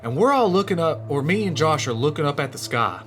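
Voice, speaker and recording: A man with a high voice tells a true scary story from his past, casual and rambling. He swings between hushed lows and excited highs for suspense. A faint hiss of noise sits under the recording. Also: brisk. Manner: animated, rambling, voice rises and drops with suspense.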